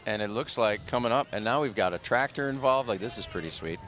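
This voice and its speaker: A man's voice: on the low side, animated, quick pace, fairly bright tone, a little hiss or hum. A man doing live commentary on a local TV broadcast of a street parade. He reads sponsor blurbs and chats casually with his co-host.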